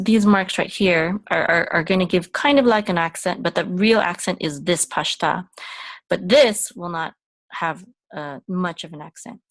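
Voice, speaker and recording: A woman gives an unhurried reading lesson, walking through each letter and vowel one at a time. Her voice sits on the low side, and she talks slowly. She often pauses on ums and corrects herself as she goes. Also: a bit bright. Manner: patient, halting with frequent ums and self-corrections. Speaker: Hebrew teacher. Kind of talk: step-by-step language lesson.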